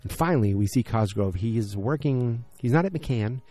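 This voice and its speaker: A man's voice: mid-range voice, expressive, moderate pace, dark tone. A tired man hosting a podcast late at night, rambling through a casual episode recap and correcting himself as he goes. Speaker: podcast host.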